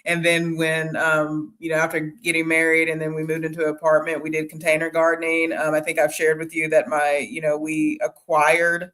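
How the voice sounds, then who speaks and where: A woman talks casually as a guest on a live chat. Her speech is halting and rambling, with frequent fillers and restarts as she thinks aloud. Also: sits low, monotone, fairly bright tone. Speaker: guest homesteader. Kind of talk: casual conversation.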